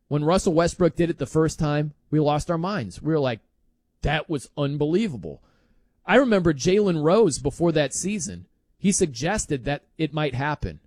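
A man's voice: on the high side, no echo. A man hosting a sports talk show, arguing emphatically with incredulous outbursts and frequent laughs. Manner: emphatic, incredulous, laughs often, mimics others. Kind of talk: animated sports talk monologue.

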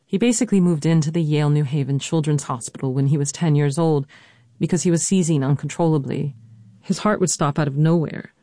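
A narrator telling a personal family story and interviewing their mother, measured and reflective. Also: mid-range voice, warm tone, no echo, clean studio sound.

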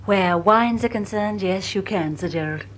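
An actress playing a composed, guarded female executive in a vintage radio drama, crisp and firm. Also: medium pitch, normal speed, lightly acted.

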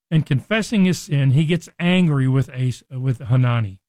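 A man with a slightly high voice teaches scripture on a radio program. He speaks earnestly and conversationally. The sound is dry and close, with no room echo. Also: normal speed, hardly any pauses, a little mellow. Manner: earnest, acts out quoted speech with rising emphasis.

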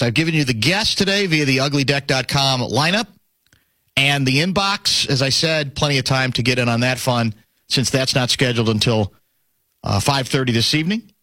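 A man's voice: medium pitch, measured pace, pushed and bright, no echo. A middle-aged man hosting a sports radio show, chatting and teasing his co-host in a casual, storytelling way.

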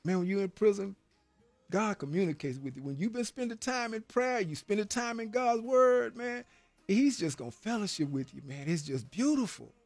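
Earnest, high-voiced man giving testimony. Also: expressive, moderate pace, a little mellow, no room sound, faint music behind. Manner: earnest and emphatic, often ending phrases with "man"; repeats words when stirred, preacher-like cadence. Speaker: former prison inmate giving testimony. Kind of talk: personal faith testimony.

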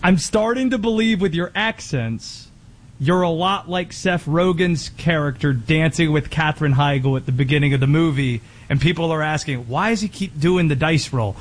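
A man hosting a sports talk radio show, teasing his co-host and setting up questions in a measured way. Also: on the high side.

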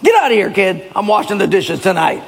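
A man's voice: sits high, sing-song, a little fast, vocal fry, some chatter behind, a little hiss or hum, exaggerated voice. A man voicing a bickering husband and wife in an exaggerated comic skit. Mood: grudging. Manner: exaggerated, squabbling. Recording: long reverb of a large hall.

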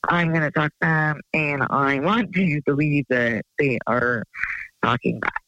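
A woman's voice: low-pitched, measured pace, a bit bright, no room sound. A woman calling in to a radio show on the phone, chatting in a rambling, giggly way. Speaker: radio call-in caller. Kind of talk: casual phone chat. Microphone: phone line. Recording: lo-fi phone call.

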